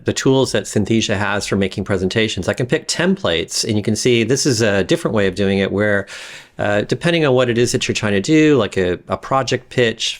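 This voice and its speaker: Low-voiced man talking through a tutorial. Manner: rambling, frequent fillers and restarts. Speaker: instructor demonstrating software. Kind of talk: casual screen-recording tutorial.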